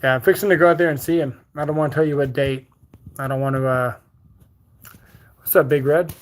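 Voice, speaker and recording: A man's voice: a little high, fairly even intonation, brisk. A man from Bermuda with a Bermudian accent mixed with Texas country, hosting a casual livestream and reading out viewer comments with loose, joking replies. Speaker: livestream host.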